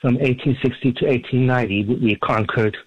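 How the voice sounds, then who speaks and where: A man's voice: mid-range voice, fairly even intonation, fairly quick, no echo. Man, radio caller from Iran, rambling, hesitant, lots of fillers, muffled phone line, dry sound. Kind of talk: phone call into a radio show.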